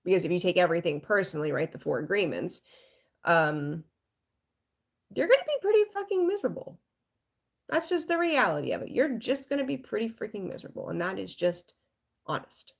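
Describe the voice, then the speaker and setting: A woman's voice: medium pitch, big pitch swings, a little fast, gravelly. A woman giving a live tarot reading in a frank, rambling way, swearing casually and greeting viewers. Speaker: tarot reader.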